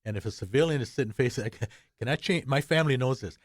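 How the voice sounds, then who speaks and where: An older man, a combat veteran guest, speaking in blunt short phrases, halting and repeating words. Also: medium pitch, no echo, studio quality. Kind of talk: interview recollection.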